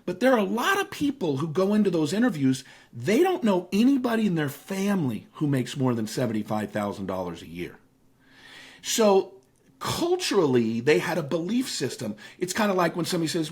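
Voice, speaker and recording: Husky, animated middle-aged man telling stories. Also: high voice, a little fast. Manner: animated storyteller who acts out voices in his anecdotes. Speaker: guest. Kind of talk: storytelling in a casual interview.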